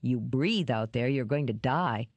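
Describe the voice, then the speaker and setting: A woman reading an audiobook, voicing a gruff, wary man who talks in curt, dry lines. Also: medium pitch, expressive, unhurried, dry recording.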